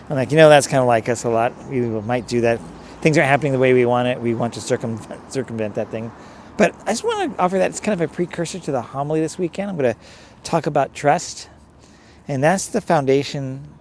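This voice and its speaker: A priest talks straight to his listeners in a loose, rambling reflection, at a middle pitch. Faint traffic hums behind him outdoors. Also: darkish tone. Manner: conversational, rambling, direct address to listeners. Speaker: priest, pastor. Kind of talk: reflective sermon-style talk.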